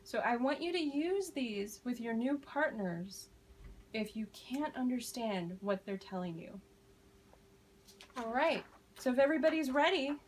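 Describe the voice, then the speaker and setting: Woman teacher, kinda high voice, talks real slow n clear to her class, faint room hum behind. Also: low-quality recording. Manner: slow, deliberate modeling of phrases, encouraging praise. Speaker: ESL teacher.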